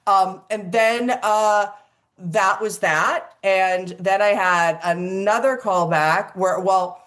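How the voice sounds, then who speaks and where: An older woman, an actress, telling lively casual stories in an interview and acting out the quotes. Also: medium pitch, slow. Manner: animated storyteller, acts out quotes, swears casually.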